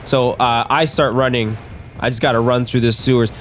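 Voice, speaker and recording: A man's voice: medium pitch, fairly even intonation, moderate pace, a little hiss or hum. A man co-hosting a podcast, improvising a silly fight story with lots of laughing and swearing. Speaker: podcast co-host. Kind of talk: improvised storytelling, casual chat.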